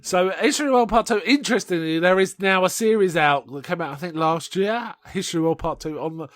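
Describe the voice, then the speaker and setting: Man, podcast co-host, lively scene-recaps with quoted gags, fairly high voice, dry close sound. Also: a little fast, dry recording. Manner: animated retelling, quoting film lines in put-on voices, laughing often. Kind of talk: casual film review chat.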